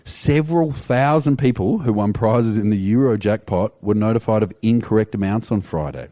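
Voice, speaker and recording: A man's voice: on the low side, moderate pace, dark tone. A man hosting a casual radio show, joking and rambling through stories. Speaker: radio host. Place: outdoor broadcast on a beach.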